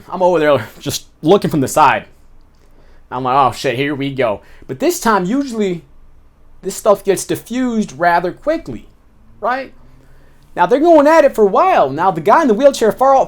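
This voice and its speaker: Man, slangy, lively storyteller, fairly high voice. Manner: street slang, animated retelling with repeated phrases. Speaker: former inmate telling stories. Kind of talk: casual storytelling.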